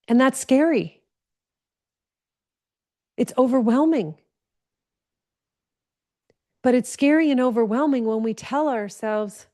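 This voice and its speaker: A woman's voice: mid-range voice, warm tone. A woman giving an earnest spiritual teaching talk, stressing points by repeating phrases.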